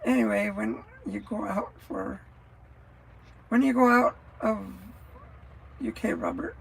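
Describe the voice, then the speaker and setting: A woman's voice: medium pitch, sing-song, takes it slowly, vocal fry, husky, poor audio. A woman chatting casually on a live stream, rambling from thought to thought and answering viewers' comments as she goes. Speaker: livestreamer.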